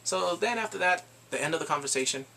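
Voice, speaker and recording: Man, casual review chat, excitable, bright tense tone, gravelly. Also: high-pitched, quick pace, slight background noise. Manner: laughing often, excitable retelling. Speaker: TV episode reviewer.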